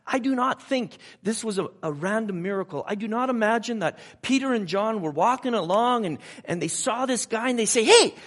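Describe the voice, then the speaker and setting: A male preacher with a high voice that leaps up and down as he talks. He delivers his sermon conversationally, trading personal asides for rhetorical questions to the congregation. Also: fairly bright tone, breathy edge. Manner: asks the audience rhetorical questions.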